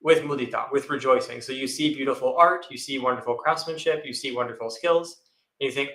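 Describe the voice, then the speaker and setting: A man's voice: medium pitch, a little fast, bright, forceful tone, echoey room, low-quality recording. A male monastic on a panel, answering a question thoughtfully and acting out little inner voices as examples. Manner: thoughtful, repeats phrases, acts out inner voices. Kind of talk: dharma talk answering a question.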